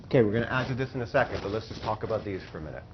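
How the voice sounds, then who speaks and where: A man teaching a Spanish class, explaining slowly and repeating phrases for the students. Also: fairly low pitch, lively intonation, highs cut off, background noise. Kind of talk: classroom lesson.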